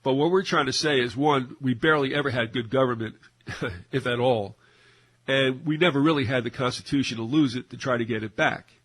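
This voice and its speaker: A man's voice: mid-range voice, brisk, a bit bright. Rambling man co-hosting a talk show. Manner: rambling, many fillers and restarts. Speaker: co-host. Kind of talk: casual talk radio discussion.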